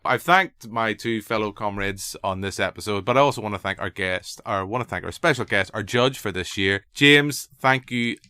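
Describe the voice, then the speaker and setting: A Northern Irish man hosts a casual podcast, rambling along with a joke never far off. His voice is bright and crisp. The recording is dry and close. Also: lowish voice, normal speed, few pauses, no room sound. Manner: rambling, jokey. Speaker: podcast host. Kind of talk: casual chat.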